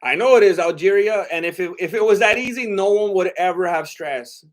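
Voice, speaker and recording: A man's voice: high voice, fairly quick. Rambling, hesitant man on a livestream. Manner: rambling and hesitant, many fillers and restarts. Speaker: livestream host reading chat. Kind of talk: casual livestream chat.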